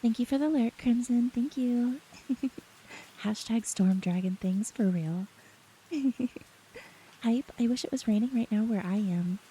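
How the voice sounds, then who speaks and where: Soft-spoken giggly woman streamer. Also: on the high side, a little slow, slight background noise, rough recording. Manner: giggly, bubbly, greets chat often. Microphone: close ASMR microphone. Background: faint rain.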